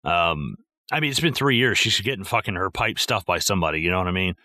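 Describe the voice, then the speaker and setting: Male podcast co-host, lowish bright voice, dry close mic, profane and lively. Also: fast, no room sound. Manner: profane, animated, acts out film quotes. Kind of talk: casual movie discussion.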